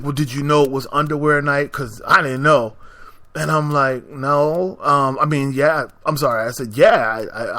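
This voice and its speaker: A man's voice: a little high, dry recording. A man hosting a podcast, telling a story in a casual, exasperated way and acting out both sides of the conversation. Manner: animated, exasperated, acts out both sides of the exchange. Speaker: podcast host. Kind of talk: storytelling anecdote.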